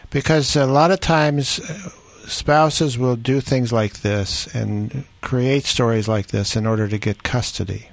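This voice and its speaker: A man hosting a call-in advice show, answering a caller in a calm, measured way. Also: mid-range voice, dry recording. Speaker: radio advice host.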